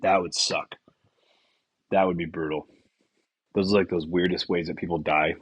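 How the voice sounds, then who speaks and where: A man's voice: low-pitched, fairly even intonation, moderate pace, husky, dry recording. A young man hosting a podcast, telling rambling, profane stories full of fillers in a casual way. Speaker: podcast host. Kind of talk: casual storytelling.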